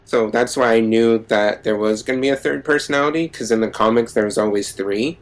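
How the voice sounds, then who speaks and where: A man co-hosting a podcast in casual chat, acting out quotes with lively jumps in his voice. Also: mid-range voice, normal speed. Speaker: podcast co-host.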